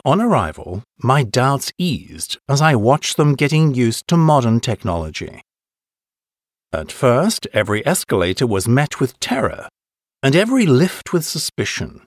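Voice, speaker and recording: Brief: a man narrating a course-book listening passage, expressive and swinging widely in pitch, recorded dry and close. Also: dry recording. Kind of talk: scripted narration.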